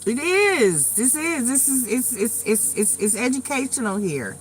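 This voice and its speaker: A woman's voice: fairly high pitch, sing-song, unhurried, slight background noise. A middle-aged woman from New York, hosting a live tarot stream in loose casual chat, telling stories bluntly with some swearing and repeating herself. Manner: chatty storyteller, blunt and profane, repeats herself.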